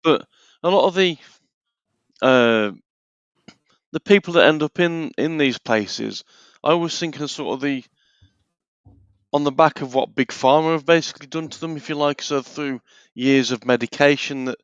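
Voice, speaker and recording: A man's voice: on the high side, normal speed, long pauses, smooth, no room sound, lo-fi sound. A man in a casual talk show, chatting with hesitant restarts and apologising freely. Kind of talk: casual chat.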